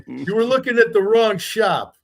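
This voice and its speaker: Exuberant joking man, higher voice. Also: big pitch swings, normal speed, vocal fry, a crowd in the background. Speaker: podcast co-host. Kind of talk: casual sports chat.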